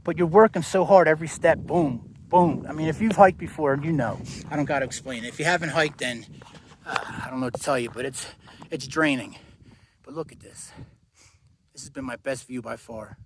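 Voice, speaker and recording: A man's voice: mid-range voice, a little fast, background noise. A man on a hiking vlog, talking to the camera while he walks a snowy mountain trail, out of breath and tired from the altitude. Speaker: thru-hiker vlogger.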